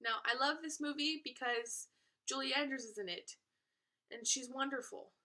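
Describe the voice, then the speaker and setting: A woman's voice: high voice, normal speed, pushed and bright. A teenage girl chatting casually to camera as a vlogger, playful and self-aware with little asides. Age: teens.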